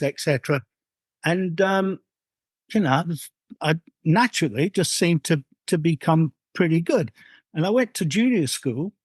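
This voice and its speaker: Older man, from Yorkshire, rambling interview guest, fairly high voice, dry recording. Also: no echo. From Yorkshire, England. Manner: rambling, halting, many restarts. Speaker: former footballer, guest. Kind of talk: interview storytelling.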